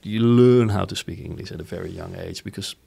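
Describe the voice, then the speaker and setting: A middle-aged man with a Dutch accent, a company founder telling stories about his childhood in a casual interview, animated, laughing often and asking "right?". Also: low-pitched, fairly quick, gravelly, husky. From Netherlands.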